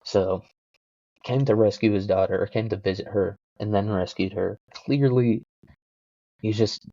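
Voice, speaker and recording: A man's voice: fairly low pitch, steady tone, unhurried, dark tone, no room sound. Rambling, joking man on a lo-fi mic. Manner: joking, self-deprecating, full of fillers. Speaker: podcast host. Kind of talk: rambling casual storytelling. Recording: dull lo-fi home mic.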